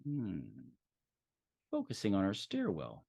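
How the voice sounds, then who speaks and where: A man's voice: fairly low pitch, wildly swooping pitch, takes it slowly, vocal fry, dark tone, no echo, clean studio sound. A man running a tabletop role-play session as game master, narrating in a loose, easygoing way with plenty of fillers.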